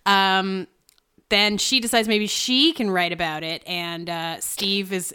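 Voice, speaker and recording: A woman's voice: lowish voice, bright, forceful tone, smooth. A woman co-hosting a podcast, casually recapping a TV episode with frequent laughs and wry asides. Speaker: podcast co-host.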